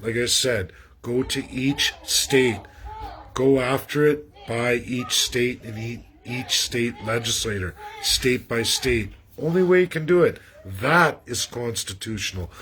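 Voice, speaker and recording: A man from Canada delivers a casual political monologue with a husky edge to his voice. He is emphatic and repetitive, often calling out people directly. His pitch sits right in the middle for a man. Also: a bit bright. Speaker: political commentator.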